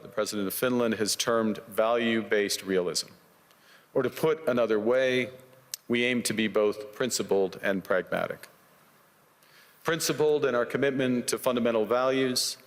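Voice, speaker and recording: A man from Canada delivering a formal prepared speech in a measured, deliberate, rhetorical manner, as a played-back clip. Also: mid-range voice, big-room sound. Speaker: political leader giving a speech.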